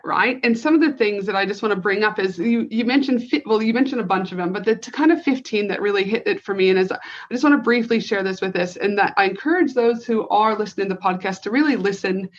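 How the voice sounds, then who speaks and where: A woman hosting a podcast interview, encouraging her guest and affirming often as she listens. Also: mid-range voice. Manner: encouraging, frequent affirming backchannels. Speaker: podcast host. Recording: slightly dull lo-fi audio.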